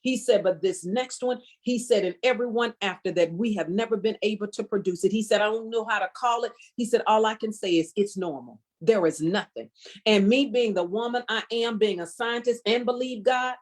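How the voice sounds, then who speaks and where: A middle-aged woman gives a passionate testimony. She speaks with a preacher's cadence and returns again and again to emphatic refrains. Her pitch sits in the middle range for a woman. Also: a little fast. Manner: fervent, preacherly, emphatic repetition. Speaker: guest speaker.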